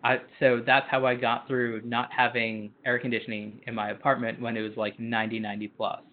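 Speaking slightly fast with little rise or fall, this medium-pitched man co-hosts a podcast and wanders through relaxed conversation full of fillers. Faint hiss or hum sits on a tinny, phone-like recording.

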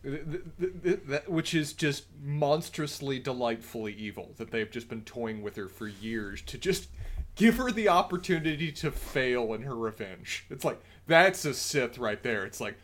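An easygoing man co-hosting a casual review podcast. He agrees readily and thinks aloud, at an ordinary male pitch. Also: animated, normal speed, a bit bright. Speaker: podcast co-host.

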